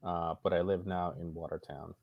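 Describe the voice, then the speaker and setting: Man from Mexico, guest on a video call, friendly and short-spoken, very low and gravelly. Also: little pitch movement, normal speed, dull audio. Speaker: guest, startup founder and investor.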